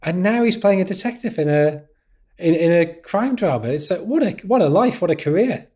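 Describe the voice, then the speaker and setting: Quick-fire pundit: an animated man talking fast, tripping over his words. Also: sits high, husky. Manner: animated, stumbling restarts, quick. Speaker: podcast pundit. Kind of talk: casual chat.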